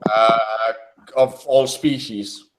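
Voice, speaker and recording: A man's voice: mid-range voice, steady tone, takes it slowly, very noisy. A young man chatting casually while commenting on a video, hesitant and full of restarts. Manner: hesitant, many restarts, laughs often.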